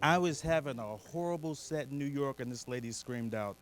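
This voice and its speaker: A man doing a stand-up comedy set, animated and full of voices, on a handheld stage mic. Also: mid-range voice, a little fast. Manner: animated, lots of character voices.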